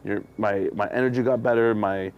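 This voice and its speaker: Profane, animated male comedian. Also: lowish voice, moderate pace, smooth, dull audio. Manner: candid, profane, animated storytelling. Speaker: touring comedian guest. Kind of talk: casual storytelling.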